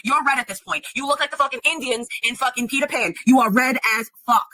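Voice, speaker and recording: A woman ranting angrily and profanely on a livestream, shouting insults. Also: sits high, fast, low-quality recording. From Sicilian family. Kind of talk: angry livestream rant.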